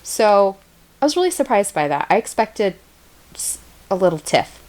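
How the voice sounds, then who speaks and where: Lively, giggly American woman. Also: mid-range voice, moderate pace. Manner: giggly, chatty. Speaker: podcast co-host. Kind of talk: casual chat.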